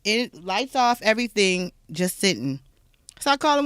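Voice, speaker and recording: Animated woman guest telling stories. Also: mid-range voice, moderate pace, clear, resonant tone, no echo, clean studio sound. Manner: animated storyteller who acts out other people's lines. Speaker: podcast guest. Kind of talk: casual conversation.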